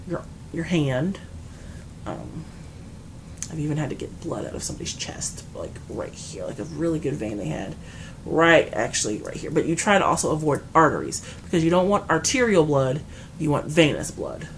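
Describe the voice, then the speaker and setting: Low gravelly-voiced woman telling a story. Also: a little hiss or hum. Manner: animated retelling, acts out dialogue. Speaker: vlogger and lab tech telling a work story. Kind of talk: casual storytime.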